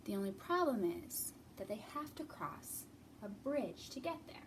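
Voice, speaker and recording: A woman's voice: fairly high pitch, animated, moderate pace, noisy background. A woman leading a children's storytime as librarian, talking in an encouraging singsong way, recorded from a distance.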